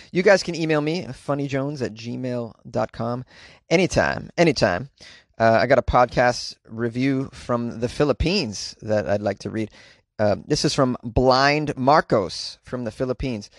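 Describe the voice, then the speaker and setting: A man's voice: on the high side, no echo, studio quality. Chatty, rambling man hosting a podcast. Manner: rambling, chatty, profane asides. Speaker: podcast host. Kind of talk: casual comedic monologue. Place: home closet.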